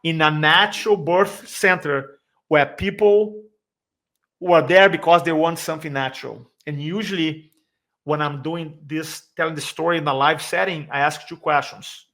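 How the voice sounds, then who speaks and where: A man's voice: on the high side, normal speed, a bit bright. A man telling an emotional personal story as a podcast guest, acting out the voices he quotes, with slightly non-native grammar. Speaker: podcast guest, speaking coach. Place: San Diego area.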